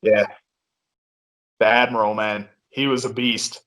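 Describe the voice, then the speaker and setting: Male podcast co-host, slow and laid-back, agreeable sports banter. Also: on the low side, flat delivery, fairly bright tone. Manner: laid-back, agreeable, says yep a lot. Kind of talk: casual sports chat.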